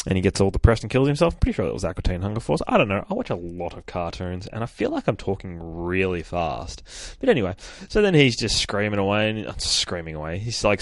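A man's voice: lowish voice, lively intonation, moderate pace, dry recording. A man hosting a podcast, chatting casually about a comic, swearing freely and acting out characters' lines. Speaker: podcast host reviewing a comic. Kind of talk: casual chat. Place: home, rain heard outside.

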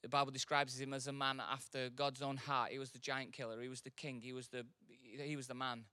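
A man preaching a sermon. He talks casually, then swells into loud, impassioned preaching. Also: medium pitch, flat delivery, brisk, no room sound. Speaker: pastor.

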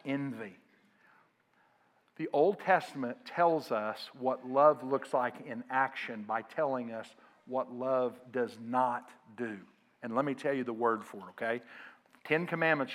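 A male pastor with a mid-range voice preaches to his congregation, calling on them to answer aloud. He swings between loud emphasis and quiet asides.

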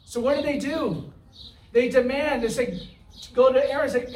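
Male preacher, very high voice, conversational sermon, recorded from a distance. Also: moderate pace, pauses often, a little hiss or hum. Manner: conversational, asks the room "right?"; acts out the Israelites' complaints in a whiny voice. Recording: roomy, from far off the mic.

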